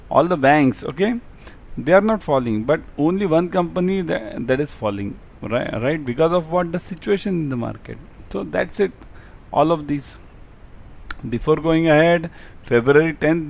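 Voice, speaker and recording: A man teaching an online exam-prep class, asking rhetorical questions and repeating key terms. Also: fairly high pitch.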